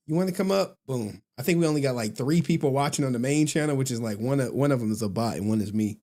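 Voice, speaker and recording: A man's voice: fairly low pitch, a little mellow. A man hosting a livestream, chatting casually with his viewers in slang, often laughing and repeating himself. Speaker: livestream host.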